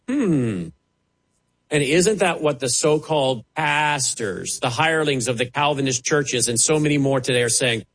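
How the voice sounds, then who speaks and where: A man's voice: on the high side, lively intonation, normal speed, fairly bright tone, breathy edge, low-quality recording. A man preaching a televised sermon with impassioned delivery and dramatic rises and drops in his voice.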